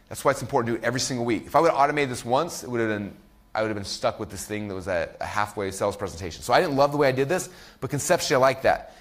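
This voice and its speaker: A man in his thirties leads a marketing workshop at a quick, eager clip. His voice sits in a middle register, and he keeps checking in with "right?" as he jumps between stories and acted-out voices. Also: medium pitch. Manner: fast, excitable, repeats "like" and "right?", acts out voices. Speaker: online marketing coach. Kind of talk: teaching a recorded marketing workshop.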